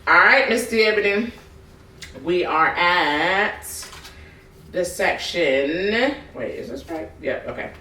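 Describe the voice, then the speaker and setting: A woman hosting a podcast, telling stories in a lively way and acting out other people's voices with frequent laughter. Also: fairly low pitch, slow pace, slight background noise. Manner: animated storyteller acting out voices, laughing often. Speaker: podcast host. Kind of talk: casual podcast chat. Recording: roomy, distant mic.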